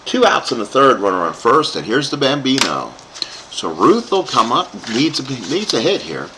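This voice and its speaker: A man's voice: mid-range voice, very animated, moderate pace, noisy background. A man calling play-by-play for a tabletop baseball game he is playing himself, rambling into asides for his live chat. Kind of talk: play-by-play commentary of a dice game.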